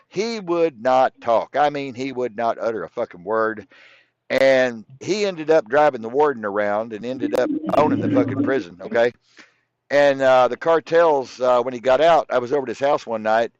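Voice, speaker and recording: A man tells long stories as a guest, swearing freely and circling back to repeat his points. His voice sits at an ordinary pitch for a man. The sound is dull, lo-fi and dry. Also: no room sound. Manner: rambling, profane, repeats himself. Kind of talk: casual storytelling interview.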